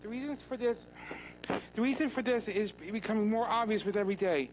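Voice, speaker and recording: A citizen addresses legislators at a public hearing, in an earnest, plain voice. The delivery is a little halting at times. Faint noise and a hum sit behind the voice. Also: medium pitch, poor audio. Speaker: public commenter. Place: county legislature hearing room.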